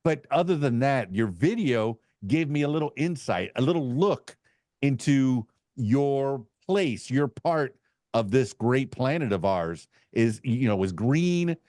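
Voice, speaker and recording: A man speaking casually on a podcast panel. He rambles with frequent fillers and false starts. His pitch is middle and the sound is dry. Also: animated, unhurried, darkish tone, no echo. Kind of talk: casual chat.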